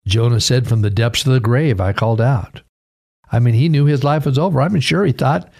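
A man's voice: mid-range voice, fairly quick, gravelly, darkish tone. A man, a pastor and radio host, preaching earnestly and reading scripture aloud in a radio sermon.

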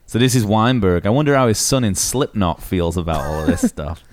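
A man's voice: fairly low pitch, expressive, fairly quick, dry recording, studio quality. A man co-hosting a casual podcast chat about music, wry and opinionated. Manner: wry, opinionated, reads quotes aloud. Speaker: podcast co-host.

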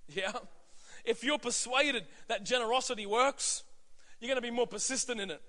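Male pastor, sermon, high bright voice, chatty asides, church hall reverb. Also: moderate pace. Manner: conversational, many fillers and asides.

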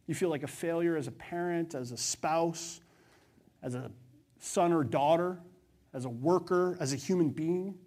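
A male pastor preaching a sermon to his church with passion, his voice swinging from loud, urgent stretches to hushed ones. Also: on the high side, measured pace.

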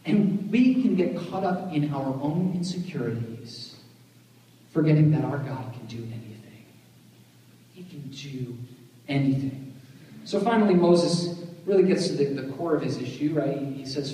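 A man's voice: fairly high pitch, lively intonation, normal speed, a little mellow, slight background noise. A man preaching a sermon as pastor, conversational and joking, often checking in with "right?". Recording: echoey hall, voice from far off.

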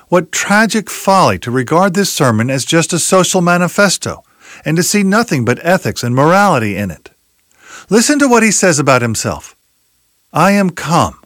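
A man delivers an expository sermon in a slightly higher voice, his pitch swinging widely as he drives home each point. He leans on rhetorical questions and quoted scripture, slowing down to weigh key words. The sound is dry, with little room echo. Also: fairly bright tone. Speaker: preacher.

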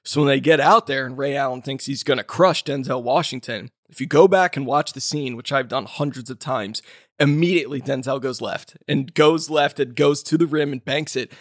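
A man co-hosting a film podcast, retelling a scene with lively energy. He slips into the voices of the characters as he goes. His pitch is of middle height, and the recording is dry and close. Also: normal speed, no echo. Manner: animated storyteller who acts out quoted lines. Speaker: podcast co-host. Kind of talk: casual film discussion.

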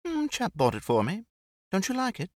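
Male reader doing a high, cool, mocking woman; crisp, dry, delivery. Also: huge pitch swings, normal speed, no room sound. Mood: teasing. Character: poised, teasing, cool British woman.

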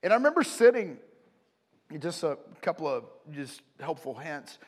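Animated pastor preaching in a reverberant hall. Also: male voice, on the high side, moderate pace. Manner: animated, storytelling, frequent "right?" asides. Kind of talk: sermon. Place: church auditorium.

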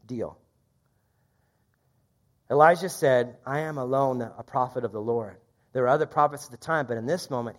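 A man preaching a sermon, reading scripture aloud and commenting in a conversational, lively way. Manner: lively, rises in pitch when quoting. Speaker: pastor.

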